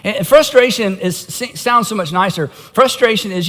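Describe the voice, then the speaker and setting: A man's voice: high-pitched, moderate pace, few pauses, fairly bright tone. A middle-aged male pastor preaching a sermon in a conversational, self-mocking way, with wry asides. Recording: long hall reverb.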